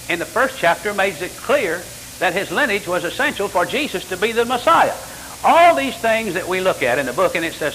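An older man preaching a sermon as pastor, full of rhetorical questions and sudden jumps in pitch. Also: fairly bright tone. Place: church sanctuary. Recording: church hall reverb with faint hiss.

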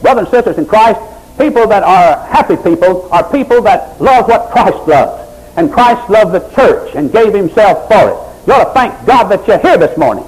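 High-voiced impassioned male preacher. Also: animated, moderate pace, rough recording. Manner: impassioned, swinging from loud high exhortation to low quiet pleading. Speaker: pastor. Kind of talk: sermon.

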